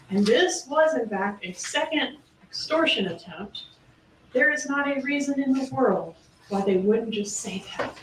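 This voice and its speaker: A woman's voice: a little high, a bit bright. A woman prosecutor delivering a closing argument in court, making pointed, sarcastic points about the evidence. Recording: distant roomy courtroom audio with faint noise.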